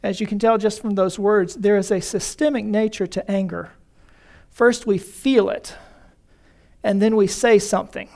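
A man's voice: high voice, fairly even intonation, moderate pace, gravelly, a little mellow. A male pastor preaching a conversational sermon in a church, calling his congregation folks.

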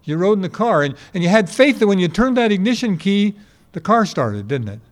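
This man, in his eighties, speaks in a high-pitched, sing-song voice at a slightly fast clip. Before his congregation, he preaches a sermon full of folksy stories and rhetorical questions.

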